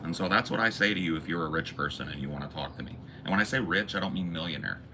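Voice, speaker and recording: A man's voice: sits low, lively intonation, quick pace, background noise. A man hosting a podcast, delivering an impassioned, preachy rant full of profanity. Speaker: podcast host. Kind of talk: impassioned monologue.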